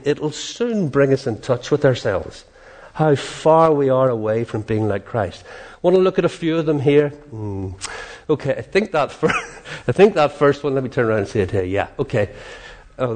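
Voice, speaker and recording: A man preaching a sermon from slides, animated and chuckling, with swings from loud to hushed and frequent questions to the congregation. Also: medium pitch.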